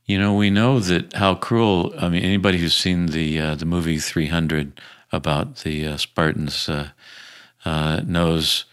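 A man's voice: sits low, steady tone, unhurried, smooth. A man speaking as an author guest in an interview, emphatic and repeating his points. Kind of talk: conversational interview answers.

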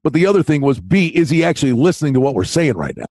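A man co-hosting a casual sports betting podcast, talking in animated, quick bursts and cutting in on his partner. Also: on the high side, no room sound, studio quality. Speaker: podcast co-host.

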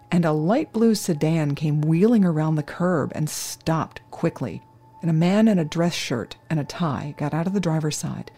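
A crime scene worker telling a true crime story in the first person, with a measured, solemn delivery. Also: medium pitch, mellow, slightly rough.

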